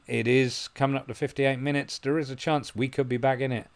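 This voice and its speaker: A man commentating on his football management game, musing quietly and then breaking into excited play-by-play. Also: medium pitch, brisk, vocal fry, few pauses. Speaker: gaming video host. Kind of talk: gameplay commentary.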